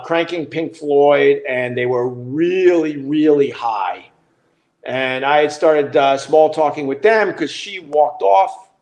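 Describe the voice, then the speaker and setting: Middle-aged man, podcast host, casual storytelling, loose and profane, higher-pitched voice. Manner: loose and profane, with frequent restarts and laughter.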